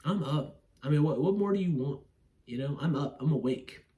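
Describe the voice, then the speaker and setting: A man's voice: a little high, animated, normal speed, dark tone, highs cut off. A man rambling through a casual movie review at home, swearing freely, laughing, acting out scenes, and yawning now and then. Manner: rambling, profane, laughs often, acts out scenes. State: yawning, drowsy.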